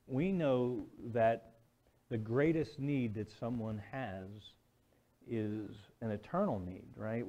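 A man's voice: mid-range voice, warm tone, dull audio. Male preacher telling a story in a sermon. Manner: conversational storytelling, frequent "right?" and "um".

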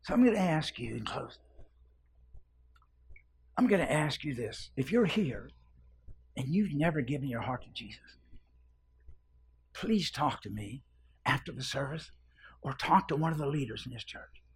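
A man preaching a sermon, dropping to hushed whispers and then rising to loud, fervent cries, repeating phrases for emphasis. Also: medium pitch, animated, moderate pace, long pauses, husky.

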